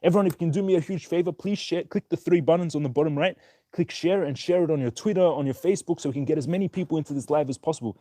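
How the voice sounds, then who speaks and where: Upbeat male livestream host, mellow voice. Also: a little high, racing, dry recording. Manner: upbeat, reads viewer names and places one after another. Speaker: stock market livestream host. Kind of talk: casual livestream chat, greeting viewers.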